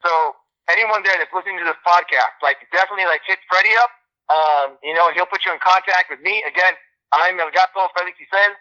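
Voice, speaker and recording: A man from Nebraska, a comedy promoter calling in by phone and making an upbeat pitch. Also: fast, sharp tone. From Nebraska, USA. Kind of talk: casual phone chat. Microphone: phone line. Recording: muffled phone line.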